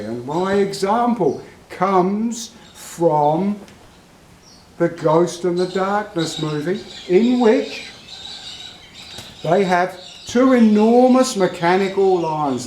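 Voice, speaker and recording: An Australian man and regular vlogger, telling a long, rambling anecdote to camera in a meandering, unhurried way. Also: high-pitched, animated, a little mellow. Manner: slow, meandering storyteller. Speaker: vlogger, horse owner. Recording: roomy echo, from far off the mic.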